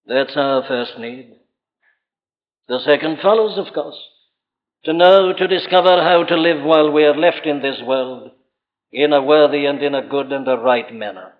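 Male preacher, fairly high voice, insistent rhetorical delivery, muffled archival church recording. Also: moderate pace, in a large hall. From Wales. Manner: earnest, insistent, rhetorical questions. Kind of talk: evening sermon.

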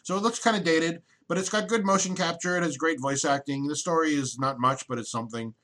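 Bright-voiced rambling podcast man. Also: fairly high pitch, brisk. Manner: rambling, opinionated, with many restarts. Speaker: podcast co-host. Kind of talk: casual chat.

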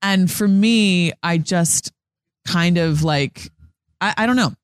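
A woman's voice: lowish voice, slow, dry recording, clean studio sound. A young woman, a sports TV reporter, telling stories in an earnest, chatty way, full of "like" fillers and acted-out quotes. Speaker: sports TV reporter, interview guest. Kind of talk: casual interview storytelling.

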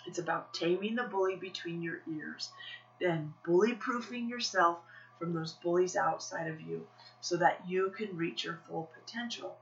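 A woman podcast host telling a personal story in a lively, self-encouraging way, laughing often. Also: lowish voice, lo-fi sound.

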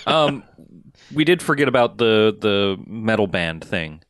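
A man in a casual movie review chat, talking in a halting way with restarts. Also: on the low side, very animated, fairly bright tone, smooth, dry recording, studio quality. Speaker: podcast co-host.

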